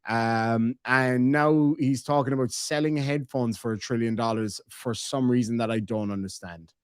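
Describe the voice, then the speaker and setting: A man's voice: medium pitch, steady tone, normal speed, smooth, no echo, clean studio sound. An Irish man hosting a live stream, reacting to clips with sarcastic disbelief and reading out viewer messages. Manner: incredulous, sarcastic, reads viewer messages aloud. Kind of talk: casual live-stream commentary.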